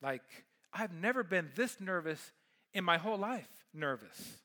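A middle-aged man, a pastor, preaching a sermon and telling a personal story in an animated way that swings between loud and hushed. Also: high-pitched, unhurried.

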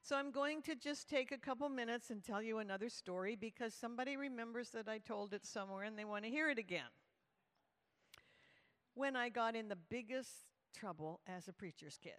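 A woman telling a humorous story to a live audience at a church event, animated and lively. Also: fairly high pitch, a little fast. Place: large hall with live audience. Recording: reverberant hall.

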